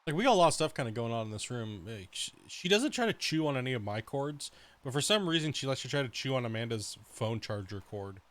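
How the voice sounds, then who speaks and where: A man's voice: medium pitch, big pitch swings, fast. Profane, rambling male game streamer. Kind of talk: casual chat during a live stream.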